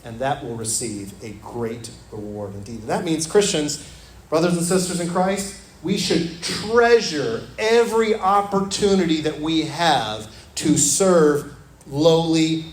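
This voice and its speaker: A man preaching a sermon as pastor in a church. He talks earnestly and repeats his phrases, dropping to a soft, low voice when he quotes scripture. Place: church sanctuary. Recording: echoey church room with faint ambience.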